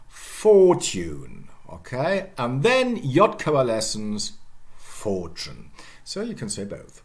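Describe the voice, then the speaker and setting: A man giving a university lecture on historical phonology, slowly demonstrating word pronunciations and checking in with "okay?". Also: mid-range voice. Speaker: linguistics professor.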